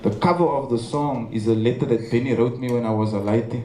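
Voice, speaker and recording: A young South African speaker with a Cape Town accent gives an earnest memorial tribute full of stories, occasionally stumbling over his words. He talks fast in a mid-range voice. The large memorial venue's hall is echoey, with faint ambience and a noisy background.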